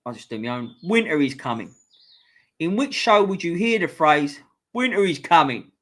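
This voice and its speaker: A man's voice: on the high side, big pitch swings, moderate pace, a bit bright. A young man with a London accent hosting a casual live-stream quiz, swearing freely and chatting offhand between questions. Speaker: quiz host.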